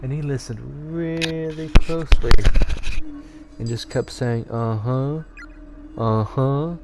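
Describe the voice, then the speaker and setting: A streamer reading game dialogue aloud, voicing the sad, quiet ghost of a young schoolgirl in a soft, subdued way. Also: mid-range voice, takes it slowly, music in the background, close to an everyday voice. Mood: wistful.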